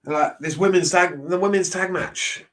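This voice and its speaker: A man's voice: high-pitched, moderate pace, fairly bright tone. Blunt ranting man. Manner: blunt, ranting, swears freely. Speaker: wrestling commentator reacting. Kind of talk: casual reaction commentary.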